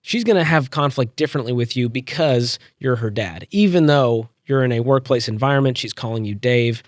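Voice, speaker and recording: A man's voice: medium pitch, darkish tone, dry recording, studio quality. A man hosting an interview, affirming the guest and steering with short questions. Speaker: interview host.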